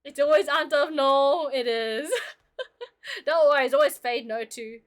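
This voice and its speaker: A woman's voice: high-pitched, unhurried. A young woman streamer chatting casually with her viewers while she draws, playful and talkative. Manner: chatty and playful, talking to chat. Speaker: streamer and illustrator. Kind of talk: casual livestream chat while drawing.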